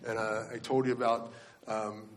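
A man's voice: on the low side, little pitch movement, normal speed, slight background noise. A male pastor giving a sermon in a conversational storytelling way, often restarting his sentences.

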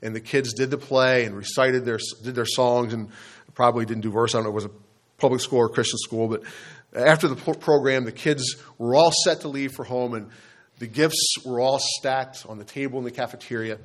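A man delivers a sermon from the pulpit, telling a story to his congregation and turning to speak to them directly. His voice sits in a middle pitch. He slows down sharply to stress his key points. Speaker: pastor.

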